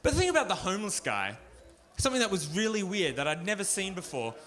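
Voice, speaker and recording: Crude, ranting stand-up comedian. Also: male voice, high voice, sing-song, fast, fairly bright tone. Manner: crude, ranting, swears a lot. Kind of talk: live stand-up routine. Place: pub stage, live show.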